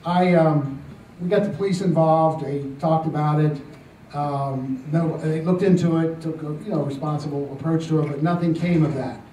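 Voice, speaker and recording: An older man tells his testimony to a congregation in a fairly high voice, stumbling through fillers and restarts with a gently amused tone. He is recorded in a roomy church hall from some distance off the mic, with a faint hum of ambience behind him. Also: steady tone, moderate pace. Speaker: church speaker telling a testimony.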